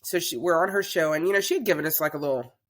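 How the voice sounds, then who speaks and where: Woman, talk show host type, guest spinning a lively story in a casual chat. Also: deep voice, rapid-fire. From Southern United States. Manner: chatty, animated storyteller.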